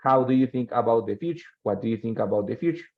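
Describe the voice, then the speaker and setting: Gravelly-voiced teacher. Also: male voice, mid-range voice, animated, fast. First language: Spanish. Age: 30s. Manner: patient, repeats phrases and checks in with "ready?". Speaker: English teacher. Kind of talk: online English class, mixing Spanish explanations. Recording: dull lo-fi call audio.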